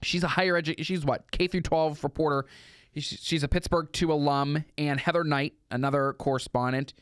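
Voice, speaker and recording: A young man in his twenties co-hosting a podcast, recounting a trip in casual chat with lively asides. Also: a little high, brisk, clear, resonant tone, dry recording, clean studio sound. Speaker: podcast co-host.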